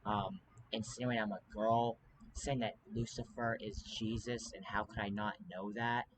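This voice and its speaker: A man's voice: fairly low pitch, level tone, normal speed, noisy background. Rambling man talking urgently to camera. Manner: rambling, urgent, many fillers and restarts. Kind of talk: casual monologue to camera.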